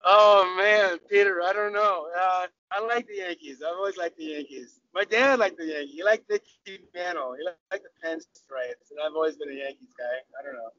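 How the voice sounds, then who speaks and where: Older American man, high voice, chatty, laughs often, restarts, muffled lo-fi sound. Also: normal speed, few pauses, bright, forceful tone, no room sound. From Southern California. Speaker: guest, cricketer. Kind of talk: casual interview chat. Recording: dull lo-fi audio.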